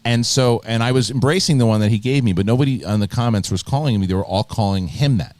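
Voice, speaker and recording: A man's voice: mid-range voice, fast, dry recording. A man hosting a live video podcast, telling stories in a casual, rambling way with lots of restarts. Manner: animated storyteller, rambling with many restarts. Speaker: host.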